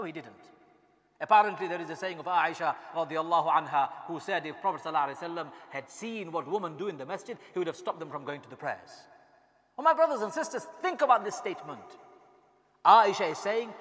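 A man delivering an impassioned sermon as an imam, swinging from quiet asides to shouted rhetorical questions. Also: high-pitched, expressive, fast talker. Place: mosque hall. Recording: long reverb in a large hall.

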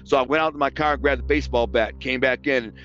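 A man's voice: medium pitch, fairly even intonation, fast talker, fairly bright tone, highs cut off, slight background noise. A man telling his past in casual spoken storytelling. He talks bluntly, swears, and acts out the dialogue he quotes.

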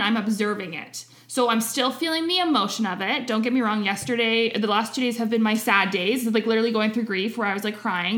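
A woman's voice: on the high side, a bit bright. A woman co-hosting a candid conversation, talking in a reflective, self-examining way with emphatic short phrases.

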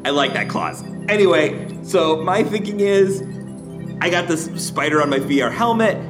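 A man playing a tabletop game, excitable and joking as he plans. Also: fairly high pitch, moderate pace, over music. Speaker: player. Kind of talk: casual tabletop play.

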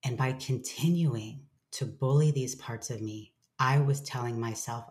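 This woman has an unusually deep, low voice. She talks openly and reflectively as an interview guest. She swears offhandedly and slips into playful voices when quoting her own self-talk. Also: unhurried, darkish tone. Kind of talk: candid conversational sharing.

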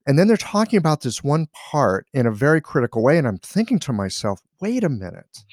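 A man hosting a conversational podcast, talking in a reflective, animated way. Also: fairly high pitch, a little fast, no room sound, clean studio sound. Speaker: podcast host. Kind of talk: conversational interview.

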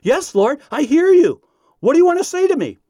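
Guy doing a frantic young student yelling up high, swinging all over the place, dead dry sound. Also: fairly quick, no echo. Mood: eager. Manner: shouting in high excitement. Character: frantic young male student answering God.

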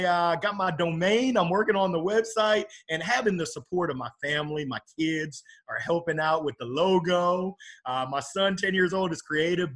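Man, middle-aged, podcast guest, motivational, upbeat, somewhat high-pitched. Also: a bit bright. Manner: upbeat, motivational, faith-filled. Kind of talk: casual podcast conversation.

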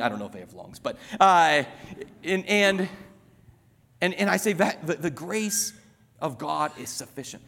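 A man's voice: on the high side, big pitch swings, unhurried, gravelly, pauses often, a bit bright, long reverb tail. A man preaching a sermon, emphatic and repetitive, building his points through illustrations.

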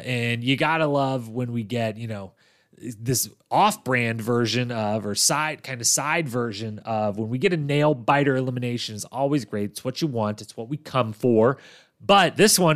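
A young man hosting a podcast, giving a casual, animated recap with sudden loud exclamations. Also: medium pitch. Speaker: podcast host.

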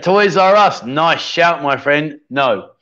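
A man's voice: fairly high pitch, lively intonation, takes it slowly, bright, forceful tone, dull audio. A man hosting a casual livestream chat show and running a quiz, trading cheeky banter with viewers in the chat.

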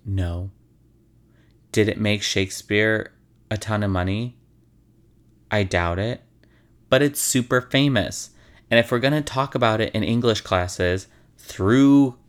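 A man's voice: fairly low pitch, clean tone. A man hosting, telling stories in a casual, wry and sarcastic way, swearing freely. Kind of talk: casual storytelling.

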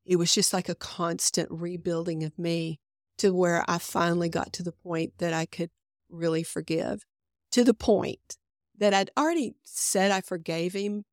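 A middle-aged woman with a lowish, steady voice speaks at normal speed in clean, studio-quality audio with no echo. As a podcast guest, she earnestly tells her faith testimony in a conversational way, acting out her own past thoughts.

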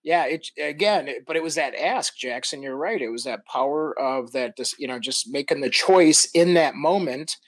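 An older man from the American Midwest, a podcast guest telling stories in a casual, animated way, laughing as he acts out quotes. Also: on the high side, normal speed, hardly any pauses, no room sound. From Midwestern United States. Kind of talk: casual storytelling.

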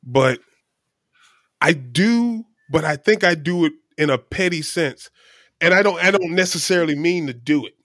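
A man's voice: on the high side, animated, normal speed, fairly bright tone, dry recording, clean studio sound. A man co-hosting a casual chat, talking in a frank, rambling way and swearing casually. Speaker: podcast co-host.

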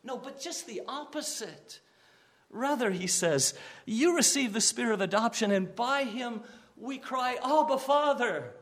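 A man's voice: very high-pitched, animated, a little slow, fairly bright tone. A man pastor preaching a sermon with earnest emphasis, sometimes repeating words and raising his voice on quoted cries.

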